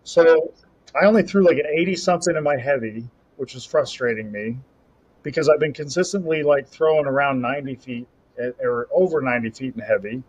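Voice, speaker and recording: A young man on a podcast, casually telling a rambling, animated story about a competition. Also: mid-range voice, fairly quick, slightly rough. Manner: rambling, animated storytelling with self-talk asides. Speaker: podcast co-host and Highland Games athlete. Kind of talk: casual chat. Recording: slightly dull lo-fi audio.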